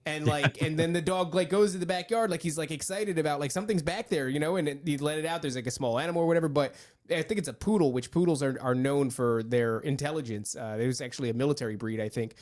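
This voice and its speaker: A young man hosting a podcast, talking in a rambling, animated way and laughing often. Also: on the high side, fast. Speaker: podcast host. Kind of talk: casual chat.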